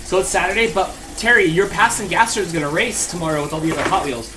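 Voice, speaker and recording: A man's voice: high voice, fast talker, noisy background. A man co-hosting a baking livestream, rambling and joking in loose banter full of fillers. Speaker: co-host of a baking show.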